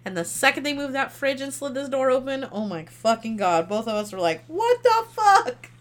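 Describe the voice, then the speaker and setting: A woman's voice: fairly high pitch, a little fast. Woman, podcast co-host, casual movie chat, blunt, emphatic, swears.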